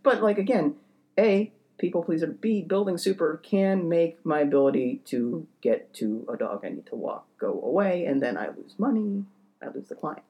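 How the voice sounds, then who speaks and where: On a podcast, a young man with a highish, mellow voice and lively intonation tells a humorous story at a moderate pace. It comes out rambling and unsure, full of fillers and little digs at himself.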